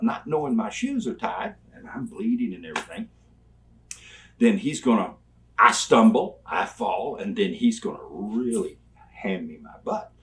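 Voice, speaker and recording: Older man telling rambling, animated stories. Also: medium pitch, gravelly, slight background noise. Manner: rambling, animated, acts out quoted people. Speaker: interview guest. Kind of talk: storytelling. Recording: voice somewhat distant from mic.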